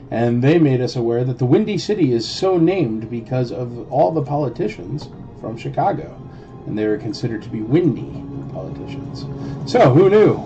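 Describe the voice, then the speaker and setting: A man hosting a casual livestream toy auction, chatting and joking with bidders and greeting them by name. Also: mid-range voice. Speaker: live auction host. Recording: dull lo-fi stream with loud music.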